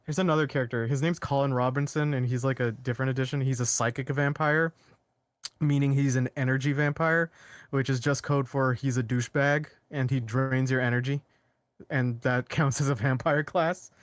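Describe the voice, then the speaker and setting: A man co-hosting a casual podcast, excitedly retelling a show's plot with frequent laughs and rambling asides. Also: mid-range voice, moderate pace, no echo. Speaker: podcast co-host. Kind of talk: casual chat.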